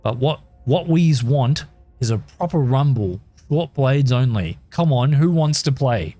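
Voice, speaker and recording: A man's voice: mid-range voice, expressive, unhurried, mellow, soft background music, lightly acted. A man reading a video game's dialogue for a tough twelve-year-old street urchin, in his own plain voice and without attempting an accent. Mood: taunting.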